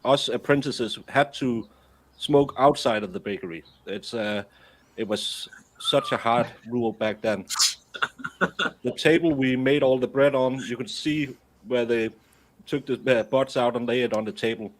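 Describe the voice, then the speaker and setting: A man's voice: medium pitch, a little slow. A middle-aged Danish man, a baker, telling anecdotes in casual chat, with frequent restarts and a Danish first language. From Denmark. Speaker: guest, baker.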